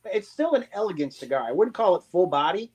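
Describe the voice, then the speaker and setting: A middle-aged man talks in a relaxed, teaching way, his voice sitting a little high. He is animated and often slips into quoting other people to make his point. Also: quick pace, a crowd in the background. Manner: animated, teaching tone, acts out quotes. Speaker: guest, cigar blender. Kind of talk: casual explanatory chat.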